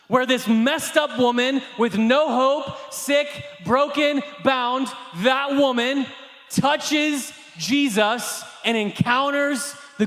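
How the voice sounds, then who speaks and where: A man with a very high voice preaches a sermon at a church service. He is impassioned and pushes key phrases into shouts. His voice rings through a roomy hall with a long echo. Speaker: pastor. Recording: echoey hall reverb.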